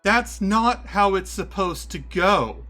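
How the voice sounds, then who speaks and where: A man's voice: fairly high pitch, a little slow, bright, forceful tone, slightly rough, faint music behind, pitched above the performer's own voice, exaggerated voice. A man voicing a stern, exasperated young woman adventurer who scolds a drunk.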